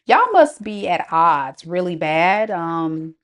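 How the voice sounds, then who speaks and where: A woman's voice: on the low side, big pitch swings, slow pace. A woman giving a live tarot reading, chatty and slangy, laughing often and talking straight to her viewers. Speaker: tarot reader.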